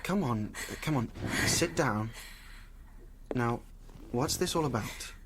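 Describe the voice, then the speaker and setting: An actor playing Stephen, a worried, gentle man. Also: mid-range voice, expressive, slow, a little hiss or hum. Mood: concerned. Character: concerned young man, Stephen. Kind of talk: audio drama acting.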